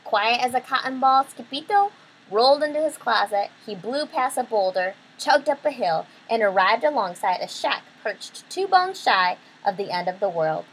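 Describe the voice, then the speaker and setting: A woman's voice: a little high, lively intonation, normal speed, breathy edge, rough recording. A woman reading a picture book aloud, chatty, stopping to explain the story in her own words. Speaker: reader.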